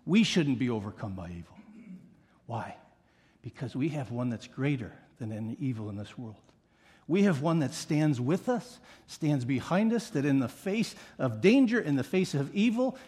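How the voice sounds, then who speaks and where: A man's voice: a little high, darkish tone, husky. A middle-aged male pastor preaching a sermon with emphatic repetition and playful asides.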